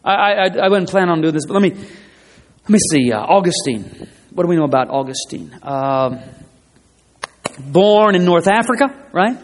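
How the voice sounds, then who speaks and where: A man's voice: sits high, lively intonation, moderate pace, pauses often, slight background noise. A man preaching a sermon in an emphatic way, repeating his phrases for stress, in a church. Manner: emphatic, repeats phrases, rising and falling delivery. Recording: long hall reverb.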